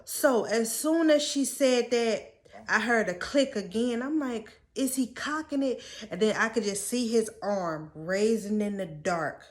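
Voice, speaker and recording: Slow, tearful woman pleading earnestly. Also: on the high side. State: holding back tears. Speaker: vlogger. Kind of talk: storytime vlog.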